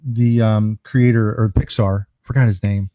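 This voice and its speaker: A man who is a brand strategist, a guest on a casual podcast interview, telling stories in an animated way with jokes. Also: fairly low pitch, a little slow, no room sound. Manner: animated storyteller, jokes around.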